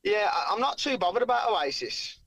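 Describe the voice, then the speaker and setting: A man answering interview questions over a video call from his car. He talks in a blunt, joking, laid-back way, and his voice sits slightly high for a man. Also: sing-song, a little fast, fairly bright tone, dry recording, poor audio. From Birmingham, England. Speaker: fighter being interviewed. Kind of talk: casual interview chat.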